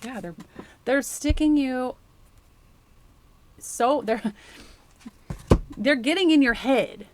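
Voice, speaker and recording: A woman's voice: high voice, slow pace, long pauses, slight background noise. Woman doing a tarot reading, talks straight to you, rambly and chatty. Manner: rambling, chatty, addresses the viewer directly. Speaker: tarot reader. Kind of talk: casual intuitive tarot reading.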